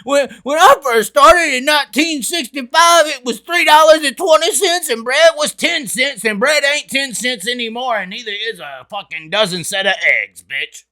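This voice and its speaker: A man putting on a shrill grumbling old man. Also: normal speed, few pauses. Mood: indignant. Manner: shouting, mocking. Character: grumbling older man complaining about wages.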